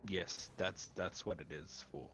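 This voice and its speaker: A man's voice: sits low, measured pace, slight background noise. Laughing man running a tabletop game. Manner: laughs often, lively storytelling. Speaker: game master.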